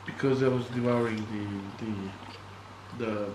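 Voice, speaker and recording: A man chats playfully as he co-hosts a food-eating video and stumbles over unfamiliar names. His voice echoes around the room, and steady background noise hums behind him. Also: mid-range voice, takes it slowly. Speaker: mukbang channel co-host. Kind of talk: casual chat while eating.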